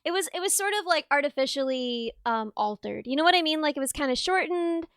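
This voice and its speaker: High, lively woman streamer. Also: a little fast, no echo, clean studio sound. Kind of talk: casual chat on a live stream.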